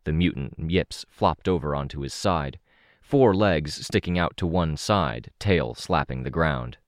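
A man narrating an audiobook in the first person, in a steady, measured reading. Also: very deep voice, no echo, studio quality.

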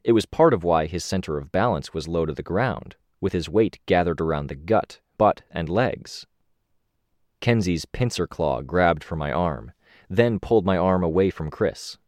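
A man reading a first-person story aloud as an audiobook narrator, steady and measured, with lifts on the action beats. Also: low voice, dry recording.

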